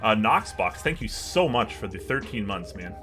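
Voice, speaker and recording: Man, streamer, casual and hesitant, slightly low voice, faint background music. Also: big pitch swings, moderate pace, pushed and bright. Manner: chatty, hesitant, thinks aloud with chat. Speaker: livestream host. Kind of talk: casual live-stream chat.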